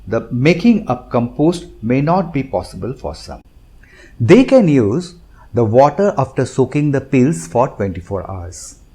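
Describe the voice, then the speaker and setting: Lively methodical man with Indian English accent. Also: mid-range voice. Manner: methodical, explanatory, lists points one by one. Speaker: gardening channel host. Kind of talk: instructional narration.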